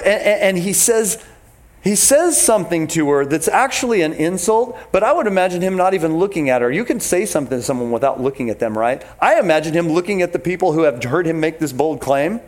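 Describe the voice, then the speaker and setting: Guy preaching a sermon, kinda high voice, really animated and punchy, talks right at the congregation. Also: a little fast. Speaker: pastor.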